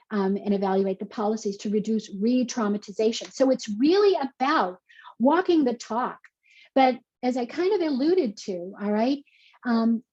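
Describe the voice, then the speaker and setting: A woman's voice: fairly high pitch, dark tone, muffled recording. A woman presenting a conference talk from slides, earnest and conversational, with frequent fillers and restarts. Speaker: conference speaker.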